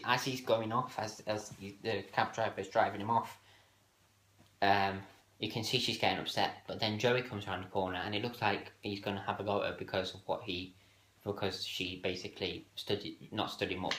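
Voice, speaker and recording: Male host, low-pitched, hesitant casual delivery full of fillers, roomy echo. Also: bright, forceful tone, a little hiss or hum. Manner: hesitant, many fillers and restarts. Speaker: video host ranking TV moments. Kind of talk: casual solo countdown talk. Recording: echoey room.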